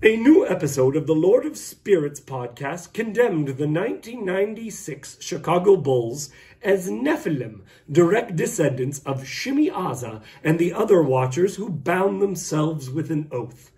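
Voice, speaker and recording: A man co-anchoring a mock news show, reading absurd headlines deadpan. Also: fairly high pitch, a little slow. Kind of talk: scripted comedy news reading.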